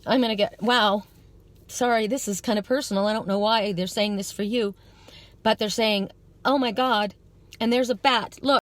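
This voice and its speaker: A woman's voice: medium pitch, fairly even intonation, moderate pace, no room sound. A woman giving a live psychic card reading to her viewers outdoors at dusk, talking in an earnest, rambling, spiritual way.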